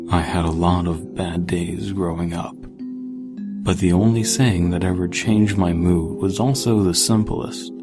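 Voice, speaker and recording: A deep-voiced man tells creepy short stories in a dry, sardonic tone, as if giving a lecture. Music plays clearly beneath his scripted narration. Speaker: horror story narrator. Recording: music playing behind.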